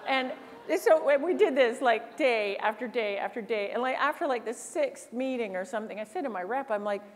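A woman from Canada giving an animated storytelling keynote on a conference stage, often acting out other people's voices. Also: a little high, normal speed. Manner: animated, acts out quoted voices. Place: large conference hall. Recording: long hall reverb.

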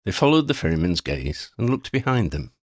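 A man narrating a fantasy audiobook in a measured, expressive way. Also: low voice, no room sound, studio quality.

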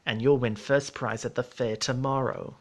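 A man reading the lines of a kind, bookish young woman in a storybook, spoken gently and earnestly in his own voice. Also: mid-range voice, steady tone, moderate pace, close to an everyday voice.

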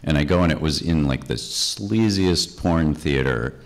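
A man in his fifties from Chicago with an exceptionally low, deep voice tells a long story on a convention stage. He rambles animatedly, peppering every sentence with "like." He sounds like a comics artist reminiscing for a crowd. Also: lively intonation, a little slow. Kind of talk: anecdotal storytelling on a panel. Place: convention stage before an audience.

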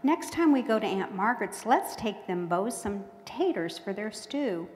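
A woman's voice: medium pitch, big pitch swings, moderate pace, darkish tone, close to an everyday voice. A bold, teasing young boy with folksy country speech, read out by a woman from a storybook. The voice rings in a roomy space, and a long reverb follows it. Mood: daring. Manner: folksy, daring. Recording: echoey hall with long reverb.

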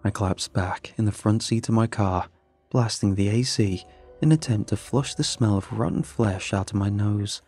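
A man reading a horror story aloud in a measured, scripted narration. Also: fairly low pitch, darkish tone, breathy edge. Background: faint music.

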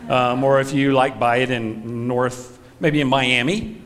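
A man giving a comedic talk to a live audience, telling stories animatedly in a hall. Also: a little slow. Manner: animated storytelling, jumps high on punchlines. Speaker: speaker.

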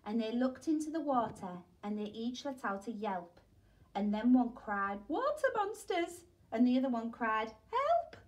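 A woman teacher reading a rhyming picture book aloud with expressive storytelling. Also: fairly high pitch, moderate pace. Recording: voice distant from the mic.

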